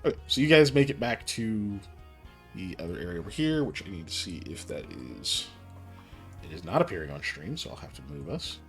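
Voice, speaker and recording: A man's voice: deep voice, sing-song, brisk, fairly bright tone, soft background music. A man running a tabletop game as game master, chatty and often laughing.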